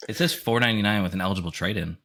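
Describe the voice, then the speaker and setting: American male podcast host; blunt, profane casual chat, low pitch, bright forceful tone. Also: very fast.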